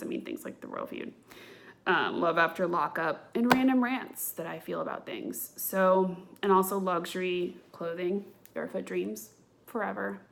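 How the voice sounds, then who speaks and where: A woman's voice: on the low side, gravelly, fairly bright tone. A woman in her thirties hosting a podcast, rambling through blunt, gossipy chat in a casual rant to camera. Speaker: podcast host.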